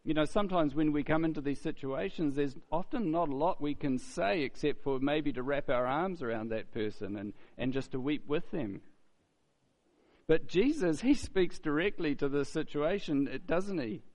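A man gives a sermon in an easy, conversational way, asking his listeners questions and acting out the voices in the story. His voice sits a little higher than most men's. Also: in a large hall, rough recording. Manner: conversational, asks rhetorical questions, acts out quoted voices. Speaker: pastor.

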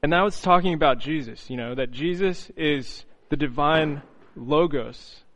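A man preaching an earnest, reflective sermon, often pausing on "you know" and restarting phrases. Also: fairly high pitch, a bit bright, rough recording.

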